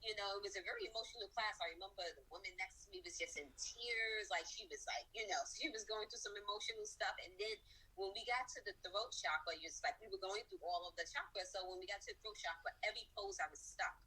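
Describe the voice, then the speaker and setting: A woman's voice: mid-range voice, quick pace, sharp tone, breathy edge, distant mic, rough recording. A woman guest chatting in a reflective, earnest way, with lots of filler words. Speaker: podcast guest. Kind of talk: casual conversation.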